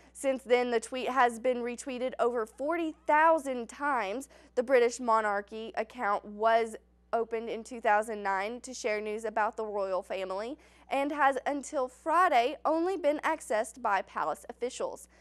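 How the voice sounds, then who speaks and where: A woman reading scripted news stories as a student news anchor, in an even, measured delivery. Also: a little high.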